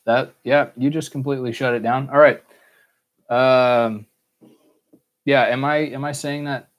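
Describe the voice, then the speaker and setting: A man's voice: mid-range voice, steady tone, measured pace. An American man hosting a casual solo Q&A podcast, rambling, cursing freely and joking at his own expense. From United States. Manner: rambling, swears a lot, self-mocking. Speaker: podcast host.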